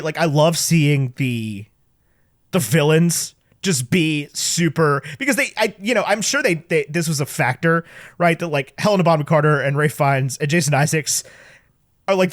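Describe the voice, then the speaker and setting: A man co-hosting a podcast, chatting casually about movies, animated and full of stumbling restarts. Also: fairly high pitch, moderate pace, dry recording, studio quality. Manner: animated, stumbling restarts, quotes people in voices. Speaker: podcast co-host.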